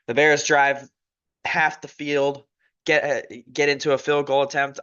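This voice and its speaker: A man's voice: a little high, flat delivery, a little slow, a bit bright, smooth. Rambling man recapping football, lo-fi. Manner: rambling, self-correcting, opinionated. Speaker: sports podcast host. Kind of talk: casual sports recap commentary. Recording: dull lo-fi recording.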